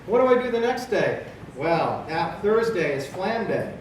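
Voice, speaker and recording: A fifty-something man leading a drum clinic speaks in a sing-song voice at a measured pace, posing questions to the audience and then answering them. Heard from far off in a large convention hall, his rather high male voice carries heavy echo along with noticeable background noise.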